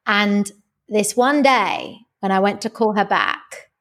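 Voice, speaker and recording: This medium-pitched woman takes her time as she talks. Guesting on a casual podcast, the dating and relationships coach tells stories animatedly, acting out each quoted line of dialogue.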